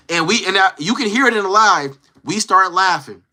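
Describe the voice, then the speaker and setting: Brief: slangy male storyteller, voice a bit high, sharp and forceful, acts out others' lines. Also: lively intonation, a little fast, hardly any pauses. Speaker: live-stream host. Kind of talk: casual storytelling.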